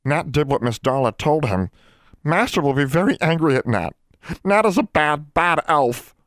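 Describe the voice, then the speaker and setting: A man's voice: a little high, lively intonation, normal speed, fairly bright tone, no room sound, clean studio sound, voice pushed up. A man doing a moaning, wretched house elf. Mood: miserable. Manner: moaning, refers to himself by name. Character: miserable male house elf, self-punishing.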